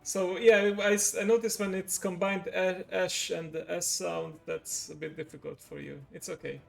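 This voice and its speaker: Man, online teacher, patient and encouraging, gravelly, slightly high, faint music. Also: flat delivery. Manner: patient, encouraging, explains slowly. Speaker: language teacher and stream host. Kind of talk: casual online lesson. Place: online voice call on a livestream.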